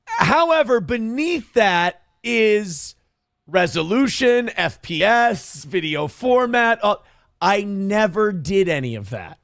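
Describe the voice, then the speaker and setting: A man's voice: sits high, sing-song, slow pace, gravelly, fairly bright tone, no room sound, studio quality. A man talking casually on his own stream, rambling and self-deprecating as he explains his setup.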